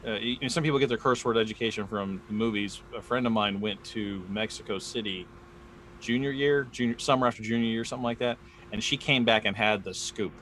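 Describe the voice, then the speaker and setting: A lowish American male voice with a halting, rambling delivery, full of restarts. He chats casually on a live podcast stream. A faint hiss sits under the recording. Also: fairly bright tone. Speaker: podcast co-host.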